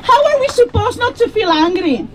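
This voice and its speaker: A woman's voice: very high-pitched, animated, moderate pace, noisy background. A young woman giving a fervent speech at an outdoor political rally, laughing between points. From EU country outside the UK. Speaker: rally speaker.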